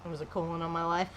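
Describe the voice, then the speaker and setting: A woman's voice: lowish voice, bright, forceful tone, slight background noise. A young adult woman chatting casually on a game stream, rambling and candid, with lots of "like". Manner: rambling, candid, heavy use of "like". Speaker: live streamer. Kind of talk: casual stream chat while gaming.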